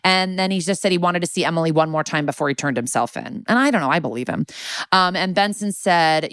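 A woman's voice: sits low, a little fast, a bit bright, clean tone, no echo, clean studio sound. Casual sweary woman recapping an episode. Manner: casual, sweary, many "like" fillers. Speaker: podcast co-host.

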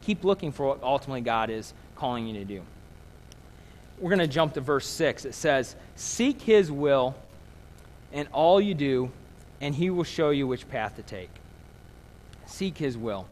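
A man's voice: mid-range voice, expressive, measured pace, pauses often, a little mellow, slight background noise. A man in his thirties preaching a casual, conversational sermon as a pastor, telling stories with self-deprecating humor. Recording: long hall reverb.

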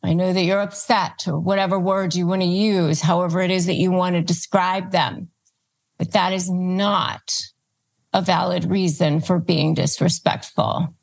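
Slow, low-voiced woman coaching step by step. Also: gravelly. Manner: deliberate, emphatic coaching with numbered steps; acts out calm replies and knowing looks. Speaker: host. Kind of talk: instructional advice talk.

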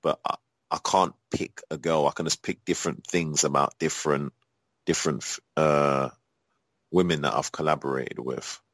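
A man's voice: extremely low pitch, fairly even intonation, moderate pace, fairly bright tone, no room sound, low-quality recording. A man from Europe answering interview questions in a casual, rambling way, with many fillers and restarts and blunt, profane talk. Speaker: guest, adult performer.

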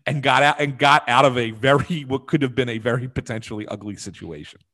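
A man's voice: mid-range voice, brisk, fairly bright tone. Casual rambling male podcast storyteller. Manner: rambling anecdotal delivery with fillers and restarts. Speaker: podcast co-host, former hockey beat writer.

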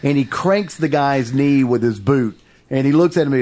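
A man co-hosting a casual podcast chat with friends, animated and laughing often as he reads through a list. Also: mid-range voice, moderate pace, slight background noise. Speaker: podcast co-host.

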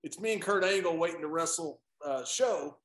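High-pitched guy, echoey room, animated storyteller laughing as he goes. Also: normal speed. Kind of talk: casual storytelling chat.

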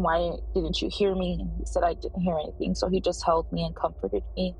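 A woman in her thirties earnestly recounting her own experience in a voicemail, with halting restarts. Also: lowish voice, a little mellow, a little hiss or hum, rough recording. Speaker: voicemail caller. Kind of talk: first-person story.

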